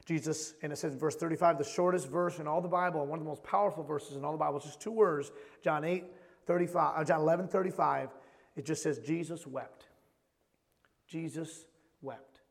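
A man preaching a sermon as pastor, impassioned and repetitive, swinging between loud emphasis and hushed tones. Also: a little high, fast, gravelly. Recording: long hall reverb.

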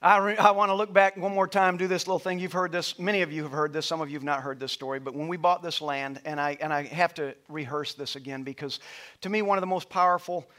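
Pastor, male, middle-aged, high-pitched, preaching in a church hall; swells loud then tells stories softly. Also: steady tone, quick pace. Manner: builds to loud passionate preaching, then drops to soft storytelling. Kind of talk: sermon. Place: church auditorium with stage lights.

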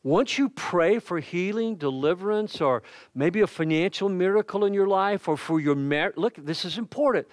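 An older male pastor preaches in a folksy, conversational way, mixing scripture with personal stories and gentle humor. His voice sits a little high for a man and comes through dry and close, with almost no room sound. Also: animated, moderate pace, no echo. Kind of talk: sermon. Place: church.

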